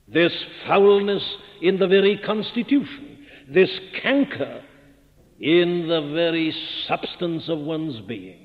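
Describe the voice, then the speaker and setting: A Welsh man with a slightly high, narrow voice preaches a sermon, posing earnest rhetorical questions and building to fervent emphasis. It's preserved on old archival tape, with tinny, phone-thin sound and long hall reverb.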